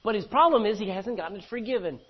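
A man's voice: high voice, animated, fast, breathy edge, highs cut off. A man preaching an expository sermon. He reads scripture verse by verse, then explains it with questions to the congregation. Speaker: pastor.

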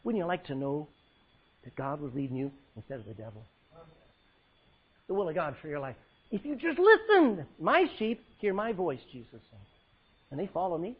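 A male pastor preaching a sermon, swinging between loud cries and hushed words as he quotes scripture in old-fashioned style. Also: a little high, sing-song, normal speed, long pauses, breathy edge, highs cut off.

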